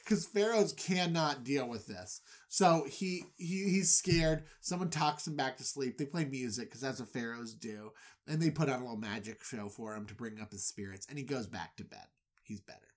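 Animated, goofy podcast host storyteller. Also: mid-range voice, moderate pace. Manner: animated, goofy, full of asides. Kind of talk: comic retelling of a Bible story.

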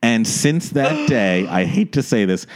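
A man co-hosting a casual chat about musicals, telling a sarcastic anecdote with lively laughs. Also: medium pitch, measured pace, crowd noise. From United States. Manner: animated storyteller, sarcastic, laughs a lot. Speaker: podcast co-host.

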